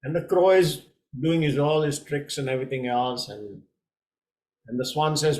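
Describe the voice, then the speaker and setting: A man, a tai chi coach, telling a parable in a gentle storytelling way, with small hesitations. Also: fairly high pitch, moderate pace.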